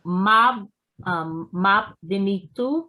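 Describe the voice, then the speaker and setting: A woman's voice: medium pitch, very slow, pushed and bright. A woman student reading aloud hesitantly in a language lesson over a video call.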